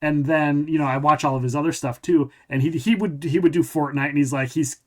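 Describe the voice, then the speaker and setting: This man hosts a podcast and game-masters tabletop sessions, and in a casual interview he winds through a sprawling story that keeps looping around. His voice runs a bit high and a little mellow, with fairly level intonation and a slightly fast pace.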